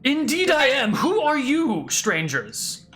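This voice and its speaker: Haughty young prince, voiced by a game master, raised high, halting broken grammar, bright tone. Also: huge pitch swings, faint music behind, full character voice.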